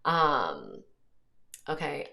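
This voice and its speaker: An Irish woman in her thirties hosts a casual livestream, reading comments aloud and answering them. Her voice sits fairly low, and she talks in an earnest, conversational way, pausing often to gather her thoughts. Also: wildly swooping pitch, vocal fry, sharp tone. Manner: earnest, conversational, frequent pauses. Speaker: host.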